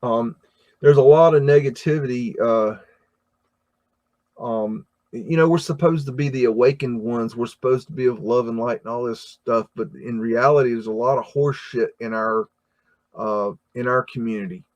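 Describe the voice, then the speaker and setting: A man's voice: medium pitch, fairly even intonation, normal speed, a little mellow, lo-fi sound. An American man hosting a casual livestream, talking through chat comments in a rambling way, with many fillers and restarts. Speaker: livestream host reading chat.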